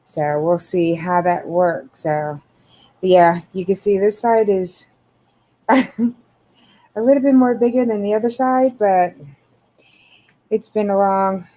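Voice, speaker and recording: A middle-aged woman hosting a live chat, talking slowly and easily. Her voice is mellow and dark, a bit tired, and she keeps pausing to greet viewers one by one. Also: mid-range voice. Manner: relaxed, unhurried, greets viewers by name. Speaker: livestream host.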